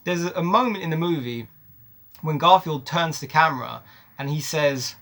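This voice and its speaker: A man reviews a movie in a casual, opinionated rant. His voice sits a little high, and he hammers his points home by repeating them. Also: moderate pace, fairly bright tone. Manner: emphatic, ranting, repeats words for stress.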